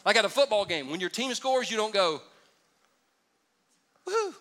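A man preaching a lively sermon to a congregation, joking with the crowd and building up to shouts. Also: sits high, quick pace, slight background noise. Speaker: pastor.

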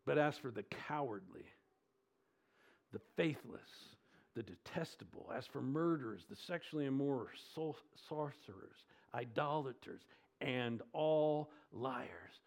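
A man preaching a sermon with emphatic delivery, asking the congregation questions and swinging between loud stresses and quiet lows. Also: lively intonation, a little slow, gravelly. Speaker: pastor.

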